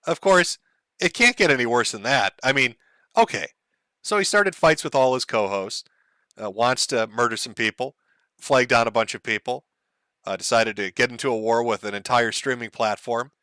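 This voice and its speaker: A man's voice: mid-range voice, normal speed, pushed and bright, no room sound, clean studio sound. A man hosting an online commentary stream, sarcastic and mocking, often laughing. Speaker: commentary host.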